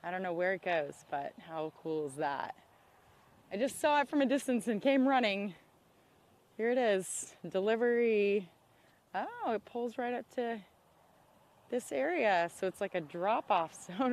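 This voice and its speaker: A woman hosting an outdoor livestream, talking excitedly into a handheld camera by a public road. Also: medium pitch, moderate pace. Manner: excitable, exclaims often. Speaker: livestream host.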